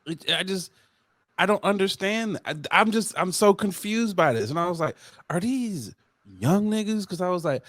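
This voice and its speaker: A man co-hosting a podcast, telling stories in an animated, incredulous casual chat. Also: sits high, moderate pace, no room sound. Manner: animated, incredulous storytelling with laughs. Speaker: podcast co-host.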